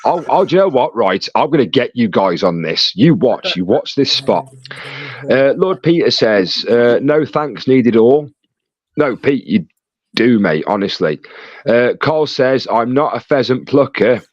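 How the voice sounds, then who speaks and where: A man's voice: medium pitch, sing-song, no echo. Man reading out stream chat. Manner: reads chat messages aloud with quick asides and banter. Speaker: livestream host reading chat. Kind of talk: casual live chat reading. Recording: dull lo-fi dry sound.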